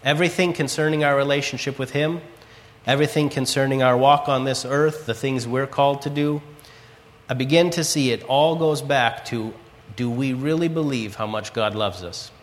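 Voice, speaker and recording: A man's voice: medium pitch, normal speed. Earnest male preacher in a reverberant hall. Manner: earnest storytelling, quotes scripture and his own prayers. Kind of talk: sermon.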